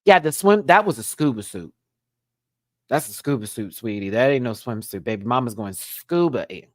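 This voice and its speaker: Sassy campy guy doing a live recap, mid pitch, super dry sound, pitch jumps all over. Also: normal speed, dry recording. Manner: sassy, campy, animated with big swings in pitch. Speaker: host of a live recap stream.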